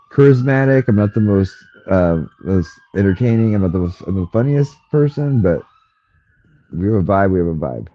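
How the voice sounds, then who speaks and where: A man hosting a casual livestream from home, chatting loosely with his viewers, heard through a slightly muffled headset mic. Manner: rambling, chatty, coos at his cat in a high baby voice. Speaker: livestream host. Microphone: headphone mic, a bit muffled.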